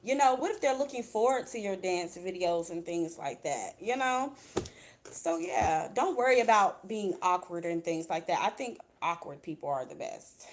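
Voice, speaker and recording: A woman's voice: on the low side, animated, moderate pace, a little hiss or hum. A woman doing a casual tarot reading for her viewers, chatty and blunt, swearing freely and calling them "baby.". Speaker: tarot reader.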